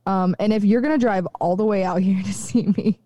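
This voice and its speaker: A woman co-hosting a podcast in casual chat, animated and quick to laugh. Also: medium pitch, no echo, highs cut off. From rural area. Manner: chatty, laughs often, animated. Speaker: podcast co-host.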